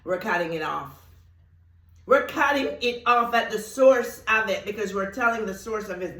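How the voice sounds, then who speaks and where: A woman's voice: mid-range voice, lively intonation, a bit bright. Emphatic woman teaching in a roomy space. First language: Thai. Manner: emphatic, slow and deliberate on key words, laughs often. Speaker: spiritual teacher. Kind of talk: spiritual teaching talk. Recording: roomy echo.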